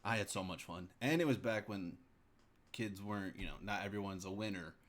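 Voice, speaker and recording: A man's voice: lowish voice, fairly quick, fairly bright tone. A man co-hosting a podcast, joking about himself in casual chat. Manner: joking, self-mocking. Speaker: podcast co-host.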